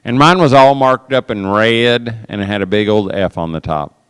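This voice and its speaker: A man's voice: lowish voice, normal speed, fairly bright tone, clear, resonant tone, no room sound, clean studio sound, lightly acted. Sorrowful, plainspoken lumberjack guy, told by a man. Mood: sad. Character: big gentle adult male lumberjack, sorrowful.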